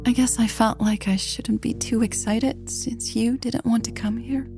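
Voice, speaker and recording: A woman voicing a shy, excitable young woman who talks softly and breathily, lifting with wonder. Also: medium pitch, normal speed, soft background music, voice pushed up, natural voice. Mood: hesitant.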